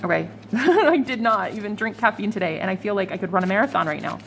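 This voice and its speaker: A woman gives a loose, chatty tarot reading straight to her viewers, swearing freely as she goes. Her voice sits at a middling pitch. A faint hiss of background noise runs under it. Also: animated, fast talker, fairly bright tone. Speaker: tarot reader. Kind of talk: casual tarot reading vlog.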